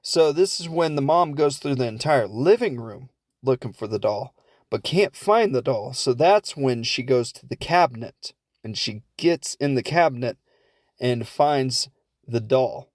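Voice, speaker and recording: A young man casually recapping a film plot in a rambling comedic way, slipping into quick asides for the characters. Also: mid-range voice, animated, darkish tone, dry recording, studio quality.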